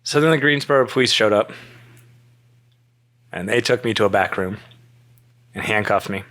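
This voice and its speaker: Storytelling man, low bright voice, animated, jumps into quoted voices, laughs a lot. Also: normal speed. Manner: animated, acts out quoted dialogue, laughs often. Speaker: storyteller guest. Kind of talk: casual storytelling chat.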